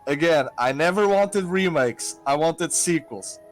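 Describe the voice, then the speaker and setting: A man chatting on a casual gaming podcast as co-host, excitable and quick to get worked up. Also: fairly high pitch, faint music behind. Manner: excitable, breathless when enthused.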